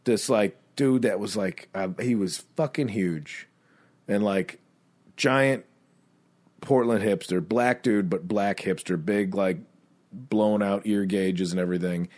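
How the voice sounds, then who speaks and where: A man co-hosting a podcast in casual chat, telling a rambling bar story and mimicking people in high squeaky voices. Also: takes it slowly, a little mellow. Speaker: podcast co-host.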